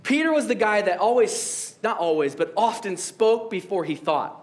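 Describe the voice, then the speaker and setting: High-voiced, jokey young pastor. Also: male voice, animated, moderate pace. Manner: casual, jokey, laughs at own jokes. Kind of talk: sermon.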